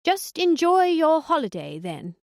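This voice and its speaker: A woman's voice: high-pitched, very animated, unhurried, dry recording, pitched above the performer's own voice, full character voice. A woman voicing a blunt, foul-mouthed older woman who lives on a cruise ship, trading dry, crude put-downs in an audiobook. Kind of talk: audiobook dialogue.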